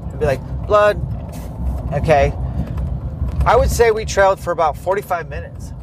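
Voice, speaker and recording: Dude telling a hunt story, acts out the quotes, a bit high pitched. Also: male voice, fairly quick, noisy background. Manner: lively, acts out quoted dialogue. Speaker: hunter telling a hunting story. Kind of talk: casual storytelling chat.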